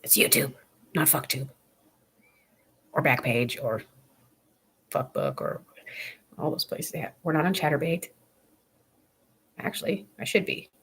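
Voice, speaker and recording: A woman's voice: sits low, a little slow, gravelly, long pauses, a little hiss or hum. A young woman chatting casually to camera on her vlog, blunt, profane and rambling. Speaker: vlogger.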